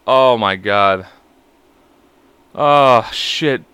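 A man's voice: medium pitch, lively intonation, normal speed, a bit bright, no room sound. A man in his thirties hosting a podcast alone, reading stories aloud and breaking into laughing, profane commentary. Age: 30s. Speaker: podcast host.

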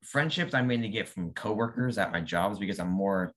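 A young author in his late teens, appearing as an interview guest, chats casually in a voice a bit low for his age. He's animated and a little fast, with lively, somewhat bright intonation, often imitating the people in his stories and laughing easily along the way.

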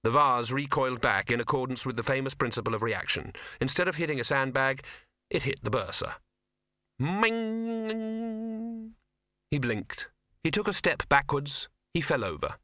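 Bright dry-voiced male narrator. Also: mid-range voice, brisk, dry recording. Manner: dry comic storytelling. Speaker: audiobook narrator. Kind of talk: scripted narration.

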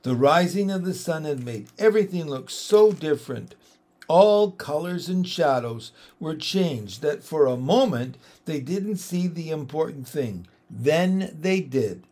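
Slow, expressive man reading a story. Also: on the high side. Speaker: audiobook reader. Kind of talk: storybook narration.

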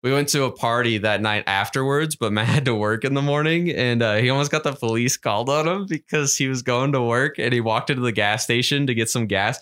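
A man's voice: medium pitch, fairly quick, few pauses, a bit bright, clean tone. Podcast co-host, male, mid-range voice, rambling and profane, laughs often. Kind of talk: casual chat.

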